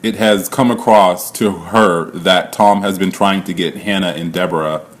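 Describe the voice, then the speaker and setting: Chatty lower-voiced man recapping casually. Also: steady tone, moderate pace. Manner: chatty, laughs often, swears casually, heavy use of "like". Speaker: reality show recap vlogger.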